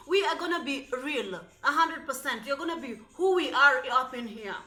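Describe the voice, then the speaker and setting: A woman talking in a casual, chatty vlog, sassy and animated, full of fillers, English not her first language, filming herself with a phone. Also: high-pitched, brisk, few pauses. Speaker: vlogger. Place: apartment in the United Arab Emirates. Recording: echoey room, faint music.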